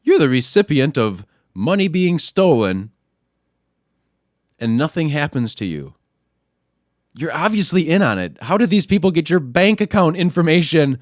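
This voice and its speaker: A man hosting a podcast, ranting casually and crudely, often pushing his voice louder and higher when worked up. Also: very animated, a little slow, pauses often, dry recording, clean studio sound. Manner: profane, crude trolling rant. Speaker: podcast host. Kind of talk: casual solo rant.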